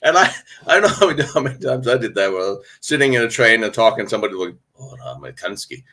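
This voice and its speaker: Lively, rambling male live-stream host. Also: mid-range voice, very fast. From United States. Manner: rambling, laughing, many restarts. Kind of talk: casual live stream chat. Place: hotel room in a city.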